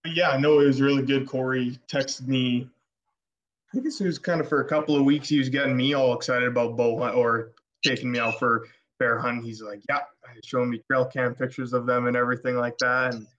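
A man from Alberta, Canada, a podcast guest telling a story in casual chat, excitable and rambling with many restarts. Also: mid-range voice, brisk. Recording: dull lo-fi podcast audio.

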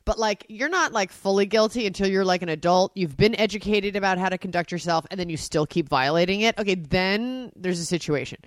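A woman's voice: medium pitch, a little fast, few pauses, dry recording. A woman co-hosting a podcast in casual chat, frank and teasing, acting out bits of stories. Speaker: podcast co-host.

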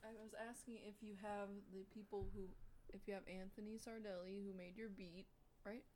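A woman in casual chat who asks measured, practical questions. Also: mid-range voice, little pitch movement, darkish tone.

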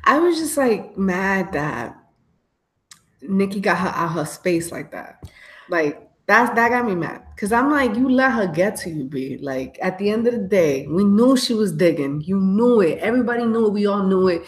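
A woman's voice: mid-range voice, expressive, normal speed, roomy sound. A woman co-hosting a podcast, talking in a blunt, slangy way with plenty of swearing. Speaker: podcast co-host. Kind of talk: casual chat.

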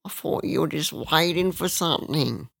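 Shifty apologetic crackhead, whiny and raised in pitch, put on by a man. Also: moderate pace, vocal fry, fairly bright tone. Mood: pleading.

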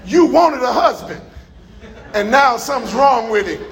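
A middle-aged male pastor from Los Angeles, preaching a sermon in a church with emphatic, shouted bursts and calls to the congregation. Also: extremely high pitch, animated, normal speed, creaky.

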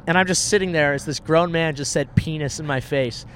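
A man's voice: on the high side, brisk, few pauses, a little hiss or hum. A young man casually telling a story on a podcast, acting out the people he quotes and swearing freely.

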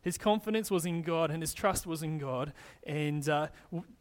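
Guy preaching casually, pretty high voice, restarts his sentences a lot. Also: normal speed. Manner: casual, restarting phrases, explaining scripture. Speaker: pastor. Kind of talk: conversational sermon.

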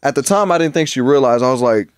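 A young man co-hosts a podcast, casually rambling through long, profane childhood stories. His medium-pitched voice is animated, with a quick pace and a clean tone.

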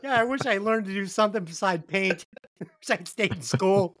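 A man's voice: sits high, normal speed, fairly bright tone, no room sound. A man co-hosting a casual album review podcast, joking, swearing and acting out quoted voices. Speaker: podcast co-host. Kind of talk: casual music review chat.

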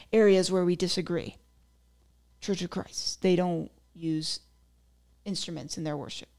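A woman's voice: lowish voice, a little mellow. Chatty young woman podcast host. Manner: chatty, lots of "like" fillers, giggly asides. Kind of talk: casual solo podcast chat.

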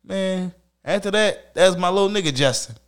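A man telling stories in casual chat, profane and animated. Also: high-pitched, moderate pace, clear, resonant tone. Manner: animated, profane street slang, acts out quotes.

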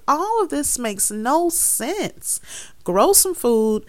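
A woman talks through a casual gardening monologue at an unhurried pace. She is earnest and emphatic, leans on repetition and laughs often. The sound is dry and close. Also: sits high, sing-song, dry recording. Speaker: gardening podcast host. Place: Chicago area.

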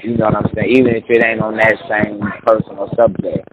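A man's voice: fairly low pitch, little pitch movement, brisk. A man who is a podcast guest and rapper, talking casually and out of breath, emphatic and repetitive with street slang. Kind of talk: casual chat. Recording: muffled with loud background noise.

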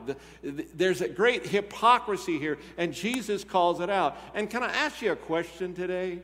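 A man's voice: a little high, animated, moderate pace, hardly any pauses, a bit bright. A man who is a pastor, preaching a sermon in a conversational way and asking his congregation questions. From Texas. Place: church sanctuary. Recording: church hall reverb.

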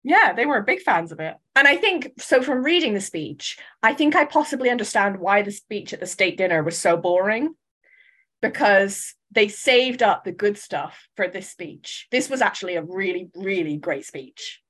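Casting note: British woman, podcast co-host, mid-pitched, measured and reflective, hedges a lot. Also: lively intonation, fairly bright tone. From United Kingdom. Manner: thoughtful, measured, hedging with restarts. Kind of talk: casual chat.

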